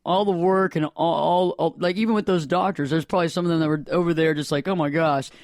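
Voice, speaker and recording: A man's voice: fairly high pitch, fairly even intonation, quick pace, a little mellow, no echo. A man hosting a radio talk show, motivational and playful, speaking into a studio microphone. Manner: playful, motivational, jokey asides.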